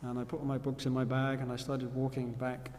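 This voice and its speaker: A man's voice: mid-range voice, completely flat delivery, a little fast, darkish tone, in a large hall. A man giving a devotional scripture class, telling stories and putting questions to his listeners. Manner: storytelling, asks the audience questions.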